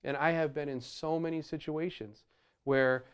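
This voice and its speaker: Smooth-voiced man teaching drums. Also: fairly high pitch, fairly even intonation, normal speed. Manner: explains while playing, counts beats aloud loudly over drums; scats horn phrases to show accents. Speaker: drum teacher. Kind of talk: instructional lesson. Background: drum kit playing.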